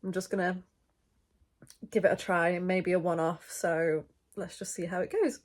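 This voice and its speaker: A woman's voice: fairly low pitch, flat delivery, normal speed. A young woman vlogging from bed, chatting casually and a bit rambling, her voice still stuffy from a head cold. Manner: chatty and rambling, many fillers. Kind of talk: casual chat to camera. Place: in bed, indoors.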